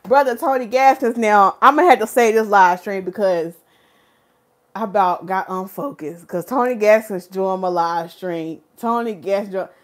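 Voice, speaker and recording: A woman, a hair stylist hosting a casual live stream and talking to her chat in an animated, preachy way. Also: mid-range voice, moderate pace. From North Carolina, USA.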